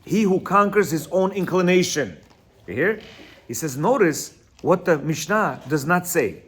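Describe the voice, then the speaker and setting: A man with a high, fairly bright, breathy-edged voice gives an informal religious teaching on marriage and self-control, unhurried and animated. He reads passages aloud, then explains them with asides and a steady stream of "you hear?" and "right?", sometimes stumbling over Hebrew words.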